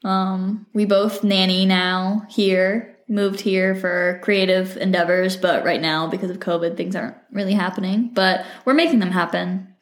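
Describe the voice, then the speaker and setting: A woman's voice: medium pitch, steady tone, measured pace, few pauses. A woman in her twenties co-hosting a casual podcast, teasing and laughing often. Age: 20s. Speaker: podcast co-host. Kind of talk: casual chat. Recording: roomy echo.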